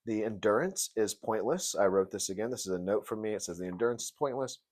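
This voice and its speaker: A man with a somewhat low voice talks through a TV episode review in loose, rambling commentary. He swears freely, jokes, and slips into mocking rants. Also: animated, fast, a little mellow. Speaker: TV show reviewer. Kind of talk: casual video review commentary.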